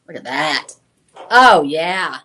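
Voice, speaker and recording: A woman hosting a live home-shopping show, pitching jewelry in an enthusiastic, chatty way with frequent exclamations. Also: lively intonation, slow, pushed and bright. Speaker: shopping channel host.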